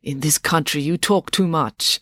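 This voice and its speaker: A woman voicing a tall, blunt Nordic woman athlete who speaks in a clipped, deliberate way. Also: low voice, a bit bright, no echo, studio quality.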